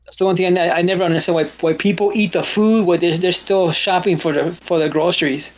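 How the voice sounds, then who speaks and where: A man's voice: high-pitched, fairly even intonation, fast talker. Man with a rambling, repetitive chat. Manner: rambling, repeats words, quotes people in exclaiming voices. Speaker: stream host. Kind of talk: casual chat. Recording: dull lo-fi stream audio.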